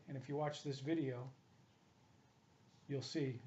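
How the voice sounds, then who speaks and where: A man's voice: mid-range voice, fairly even intonation, a little slow, long pauses, dark tone, dull audio. A man, a hitting coach, delivering a combative, opinionated monologue that keeps circling back to the same complaints. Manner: combative, ranting, repetitive.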